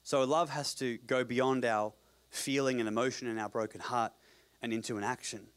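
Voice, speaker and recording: A man preaching a sermon as pastor at a church service, swinging between loud emphatic passages and quiet low asides. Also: fairly even intonation, normal speed, smooth.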